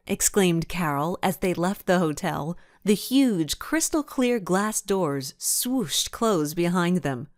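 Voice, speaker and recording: A woman reads a kids' mystery aloud in a fairly low voice, yet her pitch rises and falls with lively storytelling expression. The recording is close and dry, with no room sound. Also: slow, few pauses, no room sound. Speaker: audiobook narrator. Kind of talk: scripted narration.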